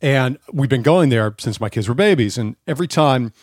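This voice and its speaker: A man in his forties co-hosting a podcast, telling stories in a casual, animated way, swearing freely and acting out the voices he quotes. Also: medium pitch, normal speed, no echo, clean studio sound. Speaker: podcast co-host. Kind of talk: casual chat.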